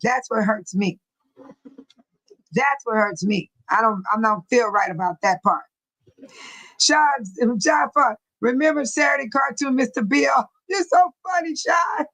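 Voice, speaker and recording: A woman's voice: a little high, measured pace, a bit bright, no echo, rough recording. An older woman hosting a casual livestream, chatting with her commenters and laughing often. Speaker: livestream host reading chat.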